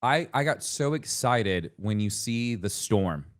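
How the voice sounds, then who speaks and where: A man in casual podcast chat with a low voice, rambling through long thoughts. He restarts his sentences often and gets louder when excited. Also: slow. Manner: animated, rambling with frequent restarts. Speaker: podcast co-host. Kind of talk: casual gaming discussion.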